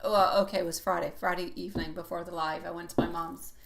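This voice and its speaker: A woman's voice: lowish voice, level tone, quick pace, creaky, a bit bright. A woman giving a live-streamed tarot reading, chatty and rambling, often laughing as she talks. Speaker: tarot reader.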